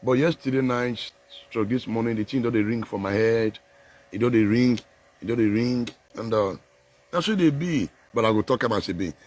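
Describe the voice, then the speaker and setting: A man speaking Nigerian Pidgin mixed with English in a loose, animated live chat about politics, laughing often and preaching a little. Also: medium pitch, moderate pace. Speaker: political commentator.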